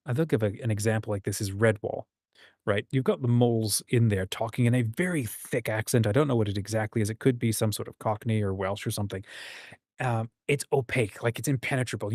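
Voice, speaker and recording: Man hosting a relaxed writing chat. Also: lowish voice, no echo, clean studio sound. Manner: reads out chat comments, frequent ums and restarts. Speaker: host. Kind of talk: casual livestream chat on writing.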